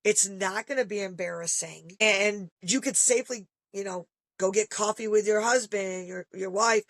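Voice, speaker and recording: A middle-aged woman, a parent guesting on a podcast, keeps the conversation casual and animated, slipping into the voices of whoever she quotes. She uses a mid-range voice at a moderate pace, and there's no room sound.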